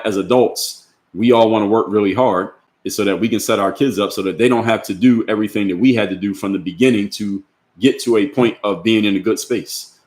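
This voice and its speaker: A man's voice: on the low side, roomy sound. A man hosting a livestream, reading chat comments and answering them bluntly with rhetorical questions. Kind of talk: opinionated livestream talk.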